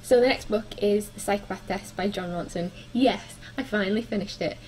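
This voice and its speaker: A woman's voice: mid-range voice, brisk, a little mellow, a little hiss or hum, low-quality recording. A young woman chatting casually through her book reviews, with frequent ums and likes. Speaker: book vlogger.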